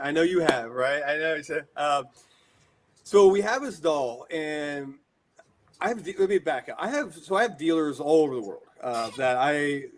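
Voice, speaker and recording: This is an American man in his forties, a horror collector chatting as a guest on an interview show. He tells his stories in an animated, rambling way, stacking fillers and asides. His voice sits a little higher than most men's. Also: slight background noise. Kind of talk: casual storytelling interview.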